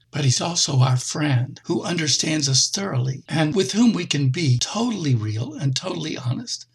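A middle-aged man preaching a conversational sermon, with expressive jumps in pitch. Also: slightly rough.

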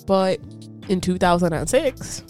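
A woman's voice: lowish voice, expressive, a little slow, a little mellow, faint music behind. A woman co-hosting a podcast, telling a story in casual chat and laughing often. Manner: giggly, chatty storytelling with frequent laughter. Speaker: podcast co-host.

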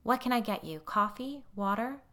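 A woman's voice: a little high, expressive, normal speed, bright, forceful tone, pitched above the performer's own voice. A woman voicing a defensive, anxious middle-aged mother in a story reading. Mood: tense.

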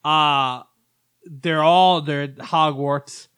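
A man hosting a podcast, talking in casual chat. He rambles through his explanations and laughs often, and his voice sits slightly high. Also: fairly even intonation, very slow, fairly bright tone, clear, resonant tone. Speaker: podcast host.

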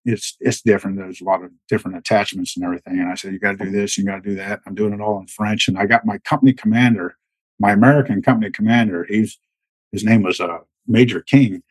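A man in his fifties, a retired soldier, telling war stories casually in a halting way, with many restarts. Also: on the low side, steady tone, breathy edge, dry recording, poor audio. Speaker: guest, retired Army Green Beret. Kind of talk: casual storytelling.

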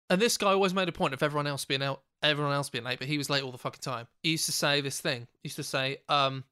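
A man, a podcast co-host, telling an animated, sweary anecdote in casual chat. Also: mid-range voice, a little fast, clean tone, no room sound, clean studio sound.

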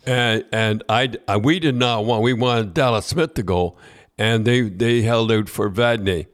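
A man's voice: on the low side, unhurried. An older man hosting a podcast, telling long, rambling anecdotes full of restarts and repeated words. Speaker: podcast host. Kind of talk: casual storytelling chat.

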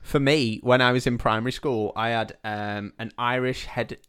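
A man's voice: medium pitch, fairly even intonation, normal speed, fairly bright tone, clean tone. A man co-hosting a podcast, chatting casually and retelling a film with lots of laughter. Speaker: podcast co-host. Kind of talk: casual chat.

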